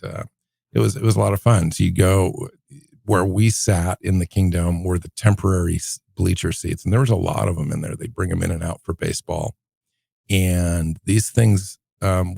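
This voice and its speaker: Very deep, gravelly-voiced man. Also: fairly even intonation, mellow, dry recording. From Seattle area, USA. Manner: unhurried, reminiscing storyteller. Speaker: podcast co-host. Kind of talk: casual podcast chat.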